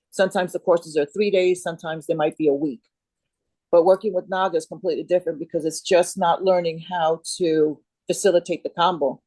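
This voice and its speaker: A woman's voice: lowish voice, mellow, no echo, poor audio. A middle-aged woman chatting as an interview guest, rambling and restarting as she searches for words. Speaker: guest, Kambo facilitator. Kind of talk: casual interview chat.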